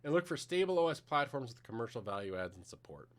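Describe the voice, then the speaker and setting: A man's voice: mid-range voice, sing-song, fast talker. Man giving a technical conference talk. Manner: plain, conversational explaining with frequent fillers. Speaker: conference presenter.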